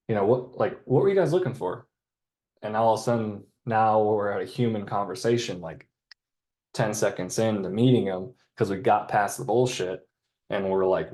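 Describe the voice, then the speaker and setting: A man giving a casual sales training on a video call, talking in a relaxed, chatty way and acting out sales lines. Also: fairly low pitch, normal speed. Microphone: computer mic on a video call.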